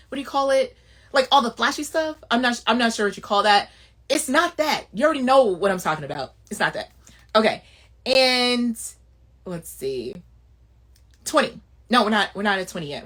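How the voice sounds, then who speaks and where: Woman, casual advice talk, sassy, animated pitch, fairly high voice. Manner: emphatic, conversational, sassy asides. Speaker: host giving life advice.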